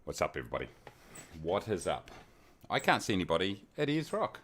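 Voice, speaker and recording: Kiwi man hosting a game stream, deep, very lively pitch, teasing and chatty. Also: fairly quick, slight background noise. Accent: New Zealand. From New Zealand. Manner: jokey, greets chat viewers by name with big upward swings. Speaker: flight sim livestream host. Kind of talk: casual live-stream chat.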